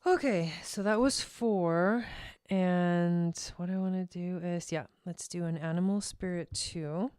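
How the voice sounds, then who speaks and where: Woman tarot reader, casual live chat, smooth clear voice, dry close sound, swears freely. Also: fairly low pitch, measured pace, a little mellow, no echo. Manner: chatty, swears freely, laughs often. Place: her home.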